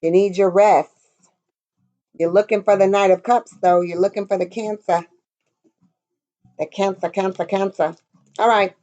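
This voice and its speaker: A woman's voice: mid-range voice, steady tone, unhurried, pauses often, warm tone, lo-fi sound. Blunt, cussing woman reading tarot. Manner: blunt, profane, chatty, sings snatches. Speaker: tarot reader.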